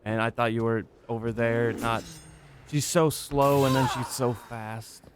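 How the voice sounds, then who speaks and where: A man's voice: medium pitch, level tone, a little slow, noisy background. A young man rambling through a let's play, self-mocking and swearing as he gets lost. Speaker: gaming YouTuber. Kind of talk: casual let's play commentary.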